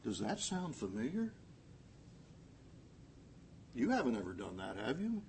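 A middle-aged male pastor preaching a sermon, swinging from loud, emphatic lines to quiet asides and acting out quotes. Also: mid-range voice, wildly swooping pitch, unhurried, gravelly, a little hiss or hum.

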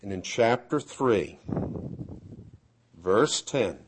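A man preaching a sermon, swinging from loud emphatic peaks to hushed asides. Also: a little high, animated, a little slow. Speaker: pastor.

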